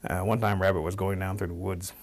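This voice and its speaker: A man telling a folk tale in a relaxed, folksy way, with a gravelly, husky voice that sits low for a man. His narration moves along at an easy, unhurried pace. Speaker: storyteller guest. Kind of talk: storytelling.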